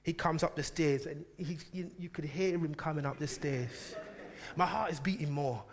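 Guy preaching, tells stories with lots of laughing, voice sits a bit high. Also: normal speed. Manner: animated, laughing, keeps asking "do you know what I mean". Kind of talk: sermon with personal storytelling.

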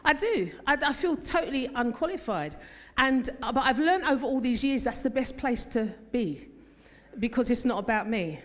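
A woman's voice: on the high side, animated, normal speed. Emphatic woman preaching in a hall. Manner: emphatic, calls congregation to repeat phrases. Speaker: pastor. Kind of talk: sermon. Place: church hall. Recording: long hall reverb.

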